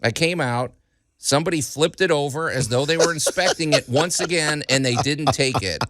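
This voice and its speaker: A man's voice: on the high side, moderate pace, a bit bright, dry recording. A man co-hosting a radio show from a studio, chatting casually and joking, often laughing. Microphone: studio microphone.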